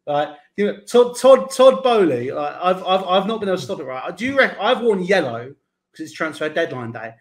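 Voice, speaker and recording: A man hosting a casual football talk show, excited and stumbling over his words. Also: high-pitched, fairly quick. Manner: excited, stumbling restarts, swearing. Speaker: host.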